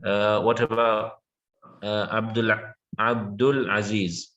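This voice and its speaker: A man's voice: lowish voice, flat delivery, slow pace, a bit bright, dull audio. A man teaching an English lesson, patiently repeating words and checking that his student follows.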